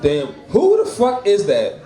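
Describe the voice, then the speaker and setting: A man's voice: sits high, huge pitch swings, unhurried, dark tone. Profane stand-up man, echoey room. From Florida. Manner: loose, profane, laughs at his own jokes. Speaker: stand-up comedian at an open mic. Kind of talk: stand-up set. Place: bar or small venue. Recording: echoey room, crowd heard.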